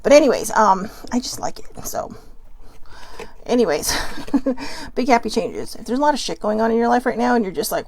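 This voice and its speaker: A woman's voice: a little high, big pitch swings, moderate pace, vocal fry, darkish tone. A woman hosting a casual oracle card reading show, chatty and rambling, swearing casually as she talks. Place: at home by a desk lamp.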